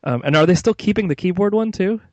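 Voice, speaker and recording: A man's voice: sits high, quick pace, a little mellow, no room sound, lo-fi sound. A man hosting a casual tech podcast, chatty and rambling, with many fillers and restarts. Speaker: podcast host.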